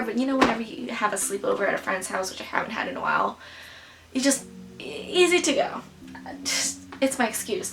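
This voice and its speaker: A young woman with a slightly high voice chats her way through a makeup routine at home. She rambles and breaks off into self-mocking asides, and clear background music plays beneath her. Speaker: beauty vlogger. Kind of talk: casual makeup tutorial chat.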